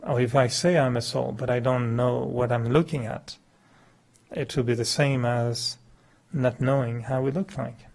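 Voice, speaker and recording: Husky-voiced guy teaching meditation, english isn't his first language, keeps laughing at himself. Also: steady tone, a little slow, a little mellow. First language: not English. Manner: chatty and humorous, laughs often at himself; acts out quoted dialogue with big pitch jumps. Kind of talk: spiritual talk to an audience.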